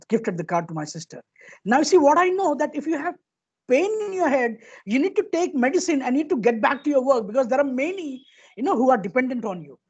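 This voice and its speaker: A man's voice: extremely high pitch, slightly rough, lo-fi sound. A man with an Indian accent giving an earnest motivational talk, telling a personal story and often repeating words as he goes. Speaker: motivational speaker.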